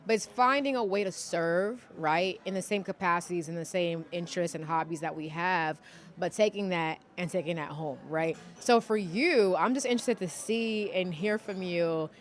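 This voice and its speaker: A woman hosting an interview podcast, talking in an animated, expressive way with many quick affirmations. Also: on the low side. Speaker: podcast host. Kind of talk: interview conversation.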